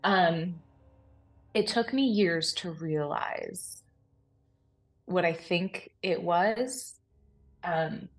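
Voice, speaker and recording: Female podcast co-host, low voice, excitable casual storyteller. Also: very slow, pauses often, faint music behind. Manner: animated, breathless retelling with frequent laughs and fillers.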